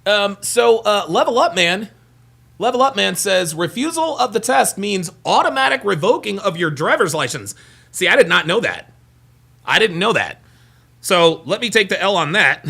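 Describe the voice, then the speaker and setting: A man's voice: high voice, vocal fry, sharp tone. A man hosting a live podcast, reacting casually and reading viewer comments aloud. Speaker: podcast host.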